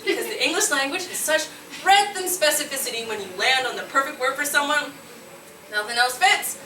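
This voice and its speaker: A woman from Nova Scotia, Canada, in her late twenties, telling a brash, animated comic story on stage, often laughing at her own lines and yelling punchlines. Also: high-pitched, brisk. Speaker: solo comedy performer. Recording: roomy, distant, noisy live room recording.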